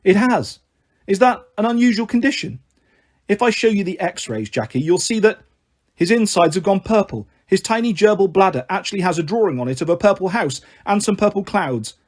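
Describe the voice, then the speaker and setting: A man's voice: high voice, lively intonation, fairly quick. A man voicing a self-important vet in a storybook, pompous and waffling.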